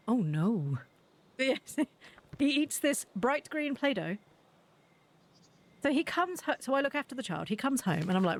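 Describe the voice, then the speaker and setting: A woman's voice: on the high side, animated, fairly quick. A woman, a streamer telling a laughing, sweary story while playing a game. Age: 40s. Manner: laughing, swearing anecdote teller.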